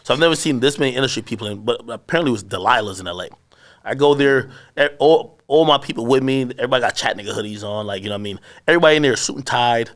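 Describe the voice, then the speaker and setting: Animated, profane man telling a story. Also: mid-range voice. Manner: profane, rambling, quick anecdotal storytelling. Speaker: interview guest, media personality. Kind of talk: casual storytelling interview.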